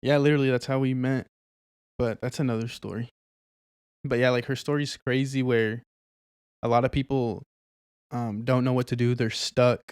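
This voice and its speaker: A young man co-hosting a podcast in casual chat, relaxed and affirming, moving into short faith-talk asides. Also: mid-range voice, normal speed, long pauses, clear, resonant tone, no echo, studio quality. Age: young adult. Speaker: podcast co-host.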